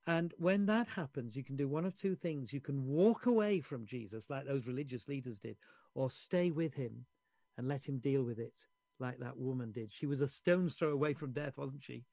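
A man's voice: mid-range voice, moderate pace, vocal fry, dark tone, dry recording. A man preaching a sermon in a conversational storytelling way, acting out the quoted voices and often restarting his words.

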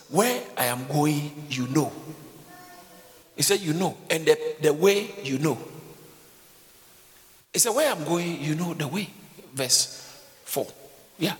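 A man preaching a sermon, acting out voices and breaking into shouts. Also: a little high. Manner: animated, acts out voices and shouts. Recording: echoey hall.

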